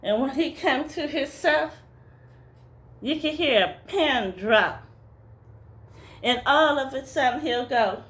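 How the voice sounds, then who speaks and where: A middle-aged woman spinning a funny story in a slow, unhurried drawl. Her voice sits fairly high, and she keeps answering her own lines with a soft "yes" or "mm-hmm.". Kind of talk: comic storytelling monologue.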